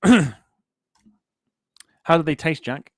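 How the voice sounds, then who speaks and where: A man's voice: on the high side, animated, extremely slow, no echo, studio quality. A man hosting a casual aviation podcast, reading out live chat comments in a jokey way and laughing often. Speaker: podcast host.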